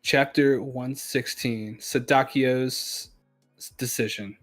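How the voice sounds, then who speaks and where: Man reading a manga aloud, mid pitch, plain narration, soft music underneath. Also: steady tone, takes it slowly. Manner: narrates scenes plainly, stumbles and corrects himself. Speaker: manga discussion co-host.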